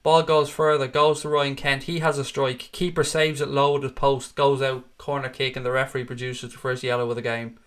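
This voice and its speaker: Sweary excitable football fan. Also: male voice, medium pitch, brisk, hardly any pauses, smooth. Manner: excitable, sweary, rants at the referee; chats to viewers in the live chat. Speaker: fan hosting a live watchalong. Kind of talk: live fan match commentary.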